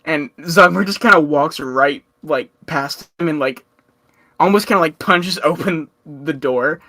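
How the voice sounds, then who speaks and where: A man's voice: fairly high pitch, unhurried, sharp tone. A man narrating a tabletop game as game master, rambling with many fillers and frequent laughs.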